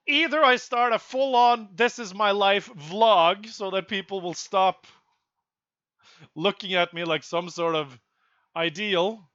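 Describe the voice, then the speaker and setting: A young man with a high, bright, sharp voice rants profanely to his stream chat, bursting out loud now and then. The sound is dry and close, with a dull, lo-fi quality. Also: slow, smooth, no room sound. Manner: exasperated, profane ranting with sudden loud outbursts.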